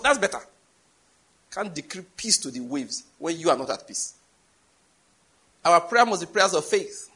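Husky high-voiced Nigerian preacher. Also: male voice, big pitch swings, normal speed, pauses often. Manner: emphatic storytelling, often jumping high and loud for stress. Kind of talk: sermon.

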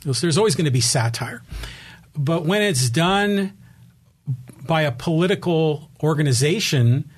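Husky-voiced male interviewer. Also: on the high side, animated, a little slow, pauses often. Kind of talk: conversational interview.

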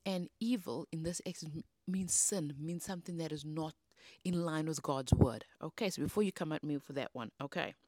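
A woman hosts a devotional podcast in a low, slightly mellow voice at a moderate pace. She teaches in a feisty, emphatic preaching style with rising bursts, recorded in clean studio sound with no room sound.

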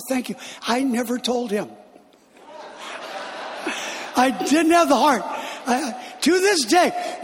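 High-voiced man preaching in an echoing hall. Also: a little hiss or hum. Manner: animated, laughing as he tells it. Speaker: guest speaker. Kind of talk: storytelling sermon. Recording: long hall reverb.

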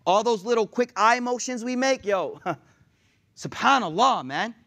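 A man's voice: very high-pitched, lively intonation, a little slow, pushed and bright. A man preaching a sermon in a casual, slangy way, reciting Arabic passages and then translating them. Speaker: Islamic preacher.

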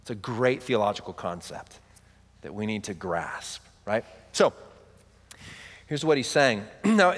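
A man's voice: a little high, a bit bright, long reverb tail. A man in his thirties preaching a sermon, with a conversational delivery full of "right?" asides. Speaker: pastor.

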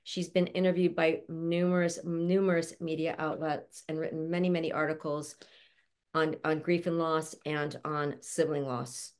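A woman's voice: low voice, flat delivery, moderate pace, a little mellow, clean tone. A woman hosting an online panel over a video call, introducing guests in a chatty, affectionate way and laughing often. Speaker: show host introducing a panel. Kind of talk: casual chat.

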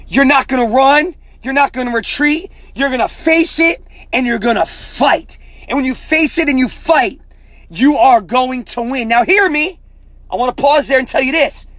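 High-voiced emphatic motivational coach, man. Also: no room sound. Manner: emphatic, preacher-like, repeats "man" often; raises voice to near-shouting at peaks. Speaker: life coach and podcast host. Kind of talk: motivational podcast monologue.

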